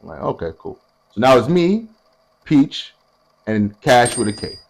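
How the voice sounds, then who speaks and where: A young man telling a story casually, animated and profane, acting out what other people said. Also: medium pitch, measured pace.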